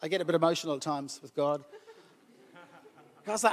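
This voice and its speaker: A man's voice: fairly high pitch, a little fast. A male pastor from New Zealand preaching a sermon to a church crowd, conversational and passionate, with sudden emotional outbursts. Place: church hall with about a hundred people. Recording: long hall reverb.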